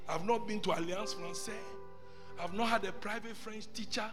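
A middle-aged man from Ghana, preaching a sermon as a bishop, emphatic and repetitive, moving between loud exclamations and quiet asides. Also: high voice, fairly even intonation, normal speed. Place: church service hall. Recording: long reverb of a large hall, faint music.

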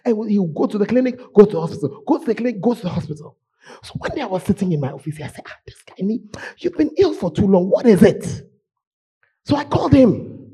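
A man preaching a sermon in a church, voice hoarse, swinging from shouts to low murmurs. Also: big pitch swings, quick pace. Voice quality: husky. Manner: emotional, shouting preaching with sudden drops to low tones. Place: church sanctuary.

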